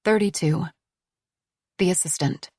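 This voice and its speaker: Low-voiced woman narrating suspense. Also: a little mellow, dry recording. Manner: measured, suspenseful storytelling. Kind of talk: audiobook narration.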